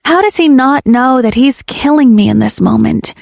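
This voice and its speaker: Gravelly-voiced woman narrating an audiobook. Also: high voice, normal speed, darkish tone, no room sound, clean studio sound. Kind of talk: first-person audiobook narration.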